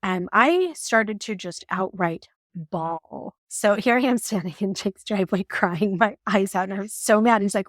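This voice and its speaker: A woman in her forties telling a personal story on her vlog in an animated, emotional way, laughing now and then. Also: medium pitch, measured pace, dry recording, clean studio sound. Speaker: vlogger.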